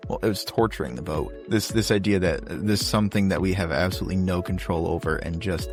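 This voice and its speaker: A man's voice: deep voice, fast, soft background music. A man co-hosting a podcast, chatting casually about a Bible passage and often chiming in to agree. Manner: agreeable, many short affirmations. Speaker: podcast co-host.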